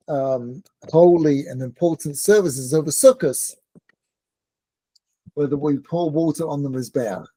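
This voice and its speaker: Brief: male rabbi, warm-dark tone, dry close recording, chatty teacher who quizzes his class. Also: sits high, no echo. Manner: joking, conversational, asks the room questions. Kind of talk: informal Torah lesson with banter.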